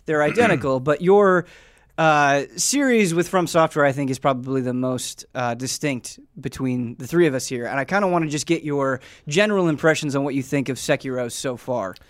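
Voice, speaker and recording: A man's voice: fairly high pitch, normal speed. A man hosting a casual chat, rambling with lots of fillers. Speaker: podcast host.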